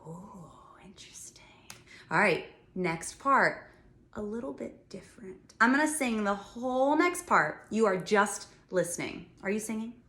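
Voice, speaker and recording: A woman's voice: mid-range voice, expressive, measured pace, pushed and bright, echoey room. A woman teaching a music lesson to young children, talking and singing patiently and explaining each step. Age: adult.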